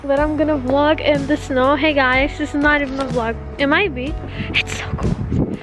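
Excited high-voiced young woman vlogging. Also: moderate pace, music in the background. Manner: excited, chatty, breathless, mixes in Arabic phrases. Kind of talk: casual vlog chat.

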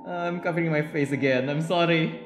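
A streamer nervously commenting live while playing a horror game, repeating short phrases and swinging between soft murmurs and sudden yelps. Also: mid-range voice, fairly even intonation, fairly quick. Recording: roomy sound with game music. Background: game music.

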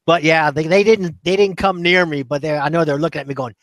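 Dude on a podcast telling laid back stories, kinda high voice, dry sound. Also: male voice, steady tone, fast, no room sound. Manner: easygoing anecdotal storyteller. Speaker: podcast guest. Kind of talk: casual chat.

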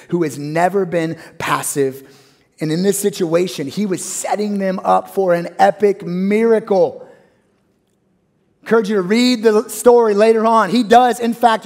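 A man with a high-pitched voice preaches a sermon to a church congregation. He swings from loud, soaring exclamations down to quiet, hushed phrases. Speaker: pastor.

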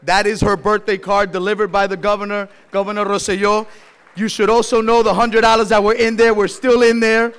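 A man from Puerto Rico speaks at a dinner in a large hall, heartfelt as he introduces the governor. His voice is fairly high and smooth. He climbs to a rousing, forceful build as he introduces the guest. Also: level tone, fairly quick. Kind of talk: public address at a dinner.

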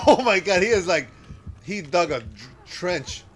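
A man streaming a horror game, reacting with loud exclamations and frequent laughter. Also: high-pitched, very animated, a little slow, a little hiss or hum, poor audio. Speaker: livestreamer. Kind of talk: excited gameplay commentary.

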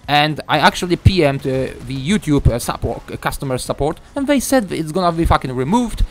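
A young man giving a ranting gameplay commentary, frustrated and swearing, halting with many fillers. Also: a little high, big pitch swings, faint music behind. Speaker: gaming YouTuber.

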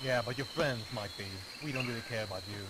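A man's voice: mid-range voice, fast, very noisy. A man in game voice chat, barking bossy, threatening orders at a captive player. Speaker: gamer.

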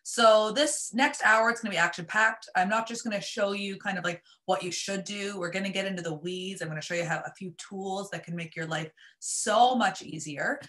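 Bright, slightly raspy woman presenter. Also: mid-range voice, normal speed, hardly any pauses. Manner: upbeat, chatty, many fillers. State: losing her voice. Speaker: workshop presenter. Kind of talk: live online marketing workshop.

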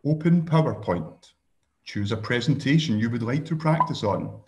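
A man with a Scottish accent giving a relaxed screen-share software tutorial over a video call, with dry joking asides and frequent ums. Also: mid-range voice, moderate pace. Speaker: workshop presenter.

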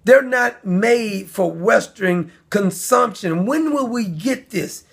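A man hosting his own commentary video, talking in a heated, indignant rant that often rises to shouting. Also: high voice, lively intonation, takes it slowly, gravelly, husky. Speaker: commentary channel host. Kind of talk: angry ranting commentary.

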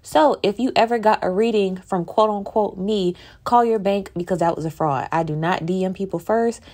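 A woman's voice: mid-range voice, moderate pace, a little mellow. Sassy woman chatting to camera. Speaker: YouTube commentator. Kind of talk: casual commentary vlog.

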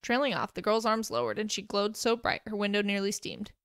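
A woman narrating a fan fiction story aloud in a steady storytelling way. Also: mid-range voice, a little fast, vocal fry, clean tone, no room sound, clean studio sound.

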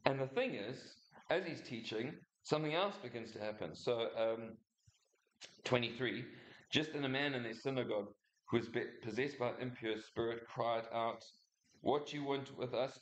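A man preaching a relaxed, conversational sermon in a church, his voice at an ordinary middle pitch. He stumbles and restarts often and throws in asides to the people listening. The room is echoey. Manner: chatty, halting, many restarts and asides. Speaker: pastor. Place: church hall.

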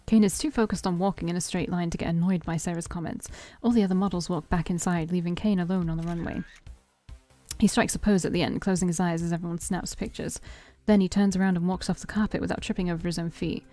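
A woman's voice: on the low side, steady tone, fast, dark tone. A woman streamer reading a dating-sim game's text aloud, voicing every part in her own voice and breaking off for joking asides. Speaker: let's-play streamer reading a visual novel aloud. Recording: faint game music behind.

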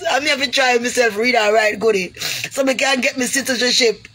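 Her voice sits a little high, steady and bright with a forceful tone, at normal speed. Speaking in a Jamaican accent and thick creole grammar, she pleads and preaches to her viewers, whom she calls "goody," in an emotional direct-to-camera vlog.

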